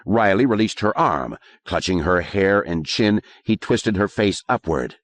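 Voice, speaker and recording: A man narrating an audiobook in a measured, expressive way. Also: low voice. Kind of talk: scripted narration.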